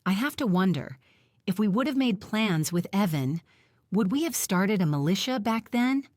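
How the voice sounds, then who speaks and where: A woman narrating a first-person audiobook in a steady, reflective way. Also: mid-range voice, moderate pace, no room sound, clean studio sound.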